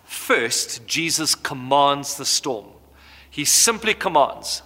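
A man in his thirties preaches a sermon, bringing the story to life with lively telling. His voice is bright and sits a little high. It carries a long hall reverb. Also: takes it slowly. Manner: animated storytelling, acts out voices. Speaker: pastor.

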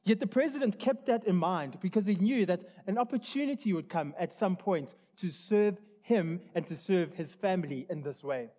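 A man's voice: sits high, moderate pace, hardly any pauses, dark tone. A man preaching a sermon in a church hall, earnest and conversational, often restarting his sentences. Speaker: pastor.

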